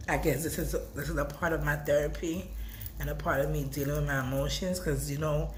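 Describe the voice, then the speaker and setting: A woman vlogger talking casually and emotionally, rambling, repeating words and swinging between soft and loud. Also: low voice, moderate pace, slight background noise. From Brooklyn. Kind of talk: casual emotional vlog talk.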